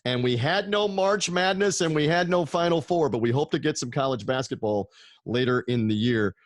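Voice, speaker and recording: A man's voice: on the high side, normal speed, no echo, studio quality. A man hosting a sports talk podcast over a video call, upbeat and busy plugging his guests' shows. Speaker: podcast host.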